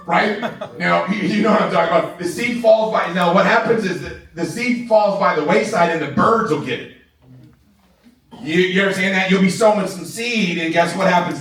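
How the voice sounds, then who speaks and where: A man giving an energetic, excitable motivational training talk to a live audience in a large room, laughing often and asking "right?" a lot. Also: high voice. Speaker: sales trainer. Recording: echoey room, voice from far off.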